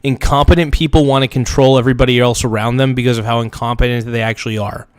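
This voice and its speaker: A man's voice: mid-range voice, steady tone, quick pace, smooth, no room sound, studio quality. A man hosting a livestream, giving blunt, mocking political commentary with rambling asides. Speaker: streamer host.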